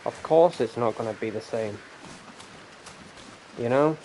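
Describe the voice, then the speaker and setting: A man's voice: medium pitch, measured pace, dark tone, slight background noise. A man hosting casual gameplay commentary, rambling and ranting and swearing freely. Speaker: gaming channel host.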